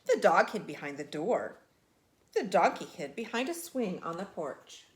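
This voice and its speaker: Lively woman reading a picture book aloud. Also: lowish voice, unhurried. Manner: expressive, animated. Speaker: storyteller.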